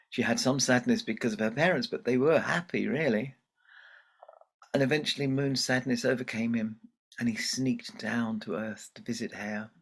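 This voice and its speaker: A man telling a folktale at a storytelling festival, gentle and unhurried with self-deprecating asides. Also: mid-range voice. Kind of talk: oral storytelling performance.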